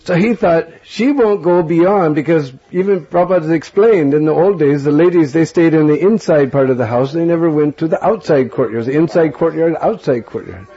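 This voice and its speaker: A man giving a sermon as an animated storyteller who often chuckles. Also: fairly high pitch, fairly quick, hardly any pauses, husky, muffled recording. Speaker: spiritual teacher.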